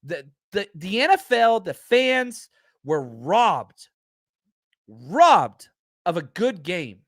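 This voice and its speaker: Heated, high-pitched podcast host. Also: male voice, sing-song, extremely slow, a bit bright, no room sound, studio quality. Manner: heated, emphatic, repeats his points. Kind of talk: fired-up live show rant.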